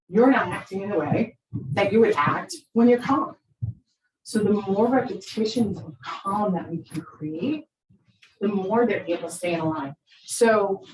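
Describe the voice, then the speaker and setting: Low-voiced woman speaking from across a roomy hall. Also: a little hiss or hum. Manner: conversational, keeps asking "right?"; acts out quoted lines with big voice shifts. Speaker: therapist. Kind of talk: presentation to parents. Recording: roomy echo, speaker far from the mic.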